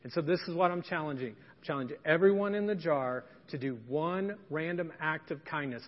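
A man preaches in a folksy, conversational way, pressing each point with emphasis. His voice sits high, and a long reverb hangs in the church hall. The recording is dull and lo-fi. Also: brisk. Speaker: pastor. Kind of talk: sermon with storytelling. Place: church sanctuary.

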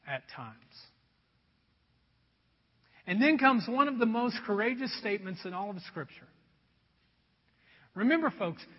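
A man preaching a sermon in a conversational, animated way, acting out voices as he goes. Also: very high voice, slightly rough. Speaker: pastor. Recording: dull sound with long hall reverb.

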